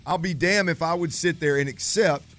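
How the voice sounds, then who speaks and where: A man's voice: a little high, normal speed, fairly bright tone. A man co-hosting sports talk radio, making emphatic, impassioned arguments.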